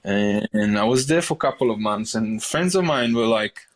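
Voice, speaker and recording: A man in his forties with an Israeli accent, a chef telling his story in a casual interview, animated and often repeating words as he restarts. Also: fairly low pitch, normal speed. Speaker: chef, podcast guest.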